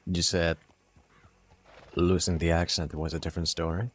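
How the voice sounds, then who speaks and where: A man voicing a calm frontier man in a western role-play, asking quiet, curious questions. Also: deep voice, normal speed. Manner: quiet, curious, gently encouraging.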